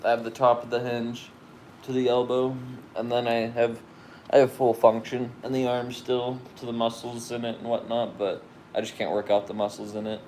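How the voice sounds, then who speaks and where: A man's voice: medium pitch, little pitch movement, moderate pace, a little mellow, a little hiss or hum, low-quality recording. A young man co-hosting a casual live stream, speaking in a laid-back, hesitant way.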